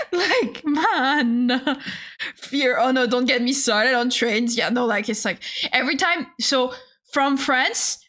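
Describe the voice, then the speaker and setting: A woman's voice: on the high side, unhurried, bright, forceful tone. A young adult woman streamer telling stories in a casual, profane, exasperated rant, laughing often.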